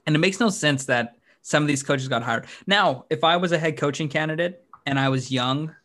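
A man co-hosting a sports podcast in casual chat, animated and quick to laugh, his pitch jumping up when he gets excited. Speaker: podcast co-host.

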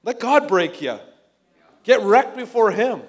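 A man preaching a sermon in an energetic, conversational way, acting out the people he quotes. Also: very high-pitched, measured pace. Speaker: pastor.

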